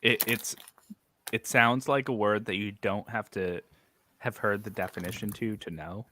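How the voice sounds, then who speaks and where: A man's voice: lowish voice, steady tone, normal speed, pushed and bright, slight background noise. A man co-hosting a casual reading stream, chatting playfully and laughing often. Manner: playful, laughs often, does joke impressions. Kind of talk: casual chat.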